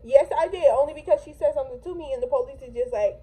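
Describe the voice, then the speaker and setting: A young woman vlogger telling a storytime in an animated, slangy, casual way. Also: high voice, fast talker, poor audio. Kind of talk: storytime vlog.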